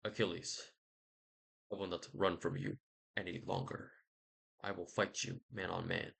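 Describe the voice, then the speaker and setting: A man voicing a doomed warrior prince who speaks in a low, quiet, solemn way while retelling an old epic. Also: level tone, unhurried, creaky, breathy edge, full character voice.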